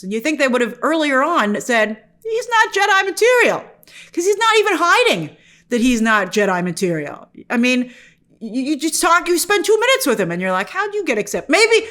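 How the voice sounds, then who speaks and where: A woman hosting an online review show, speaking with a fairly high voice that leaps up and down in pitch. She talks casually and straight to the viewers, sounding animated and exasperated. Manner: animated and exasperated, often mock-quoting characters; talks directly to the viewers with questions. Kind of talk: casual spoken review commentary.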